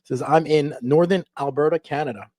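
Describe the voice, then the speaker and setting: Brief: New Jersey live-stream host, warm low tone, close and dry, casual with lots of fillers. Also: male voice, brisk, no room sound. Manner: reads out viewer comments, hesitant with fillers.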